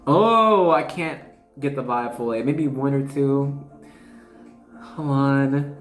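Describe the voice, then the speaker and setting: Chatty, excitable woman reading cards, echoey room. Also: a bass voice, slow. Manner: chatty, excitable, trailing off and correcting herself mid-thought; addresses viewers casually as y'all. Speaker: tarot reader. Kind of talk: intuitive card reading to camera. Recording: echoey room with faint music.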